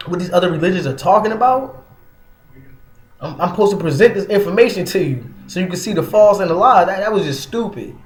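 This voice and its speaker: A man giving a casual religious monologue online, soft in tone but emphatic and scolding, full of fillers like "man" and "you know". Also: high voice, lively intonation, fairly quick, roomy sound. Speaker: online preacher.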